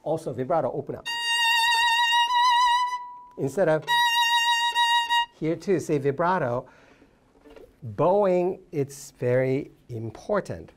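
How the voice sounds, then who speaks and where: Brief: low-voiced woman violin teacher, unhurried and encouraging, with violin playing behind her. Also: expressive, over loud music. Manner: encouraging, short coaching phrases; hums and sings phrases to demonstrate. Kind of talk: masterclass coaching.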